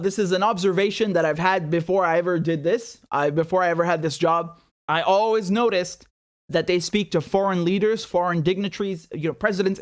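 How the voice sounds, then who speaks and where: A man giving animated, incredulous political commentary, full of restarts and rhetorical questions. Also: sits high. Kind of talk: casual ranting commentary.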